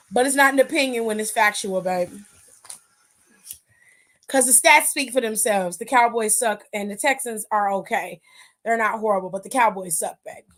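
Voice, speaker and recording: A young woman hosts a casual wrestling aftershow stream, sassy and chatty, talking back to her chat and calling viewers pet names. Her voice is medium-pitched and a bit bright.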